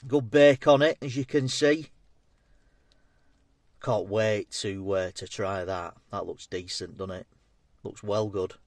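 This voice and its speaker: A man's voice: fairly low pitch, steady tone, slow pace, pauses often, dry recording. A man, chatting casually as he tastes and reviews food on his vlog. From England. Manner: chatty, matey, talks between bites. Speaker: food vlogger.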